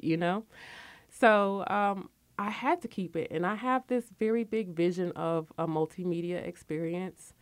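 Speaking at a measured pace in a smooth voice with no echo, a forties-aged woman hosts a radio talk show. She's chatty and candid about her life and work, lively and prone to sudden high bursts.

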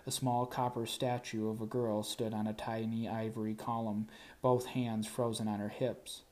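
Male audiobook narrator, lower voice, dry wry first-person read. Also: flat delivery, normal speed, a little mellow.

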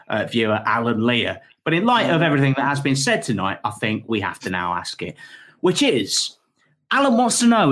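A man's voice: medium pitch, fairly bright tone. A man hosting a casual comedy chat show over a call, reading out viewer questions with a dry, teasing manner. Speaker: show host.

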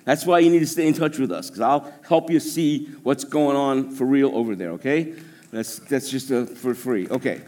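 Male pastor, mid-pitch, lively preaching delivery that swings between loud declarations and quiet jokes. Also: normal speed. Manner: animated preaching with joking asides. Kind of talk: sermon. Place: church service.

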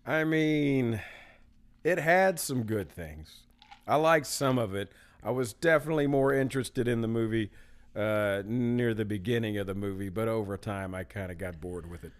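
A man co-hosting a casual movie chat, dry and teasing in a measured way. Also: fairly low pitch. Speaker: movie podcast co-host.

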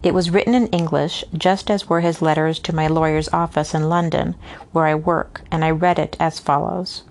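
A woman with a fairly low voice reads a classic novel aloud at an easy, informal pace. She keeps a steady narrating rhythm but trips over hard names and restarts them. It sounds like a home reading rather than a polished studio narration. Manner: reads steadily, stumbles on hard names and pauses for unscripted asides. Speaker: reader. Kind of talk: casual read-aloud of a novel with asides.

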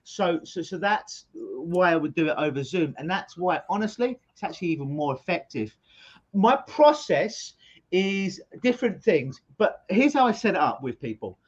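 A middle-aged hypnotist being interviewed over a video call, explaining his work as an energetic storyteller who often repeats words at the start of sentences. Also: high-pitched, normal speed, slightly rough, highs cut off. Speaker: hypnotist guest.

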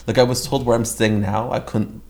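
Rambling young man, gravelly voice. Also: mid-range voice, steady tone, fairly quick, a little mellow, roomy sound. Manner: rambling storytelling with many filler words. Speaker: guest storyteller. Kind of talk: casual chat.

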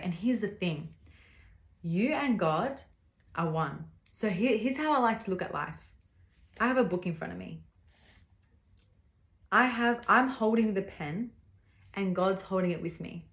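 In an echoey room, a woman with a lowish voice hosts a podcast, offering casual, faith-based guidance. Her manner is earnest and direct as she addresses the listener personally.

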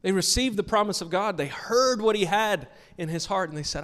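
Male pastor, slightly high voice, emphatic sermon delivery, long church-hall reverb. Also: brisk, hardly any pauses, a bit bright. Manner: emphatic, earnest preaching with storytelling asides. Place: church sanctuary with a congregation.

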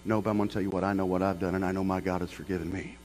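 A man's voice: low-pitched, little pitch movement, rapid-fire, a little mellow, rough recording. A middle-aged man, a pastor preaching a sermon as a folksy storyteller. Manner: folksy storyteller who builds to passionate preaching.

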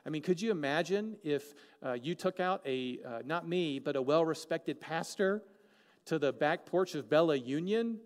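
Animated joking pastor preaching. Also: male voice, a little high, moderate pace. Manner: animated and joking, with many questions to the congregation. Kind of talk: sermon. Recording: long hall reverb.

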